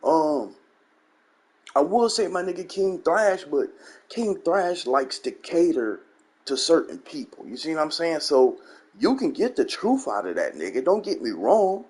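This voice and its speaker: A man's voice: a little high, big pitch swings, a little slow, darkish tone, breathy edge. A man hosting his gaming channel, ranting bluntly and profanely in a commentary monologue and repeating his catchphrases. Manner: blunt, profane, repeats "you know what I'm saying".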